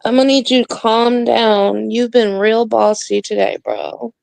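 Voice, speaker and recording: Gravelly woman teasing on a stream. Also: a little high, steady tone, unhurried, a little mellow. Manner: teasing, playful. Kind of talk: casual live-stream chat.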